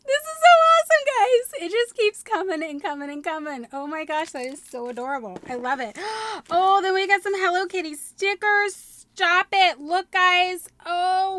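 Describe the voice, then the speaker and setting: A woman in her thirties chatting to camera at home while unboxing, gushing and excitable with frequent gasps. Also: high voice. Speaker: vlogger. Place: home room.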